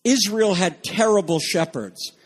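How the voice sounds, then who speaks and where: A man's voice: high voice, measured pace. A man preaching a sermon as pastor, reading scripture and explaining it earnestly, stressing key phrases with fillers and asides.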